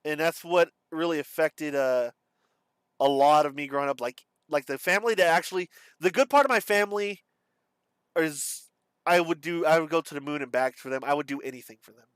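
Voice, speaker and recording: A man speaks haltingly in a subdued, confessional way, often pausing and trailing off. His voice is smooth and clean, recorded close and dry with no room sound. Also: on the high side, fairly bright tone, dry recording. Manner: halting, hesitant, with many pauses and fillers. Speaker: vlogger. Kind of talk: candid personal storytelling.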